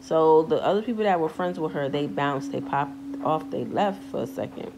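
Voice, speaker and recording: A woman's voice: moderate pace, noisy background. A young woman casually telling a storytime tale in slangy speech, acting out the people she quotes. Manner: animated, acts out quoted voices in a high pitch; slangy, repeats filler phrases.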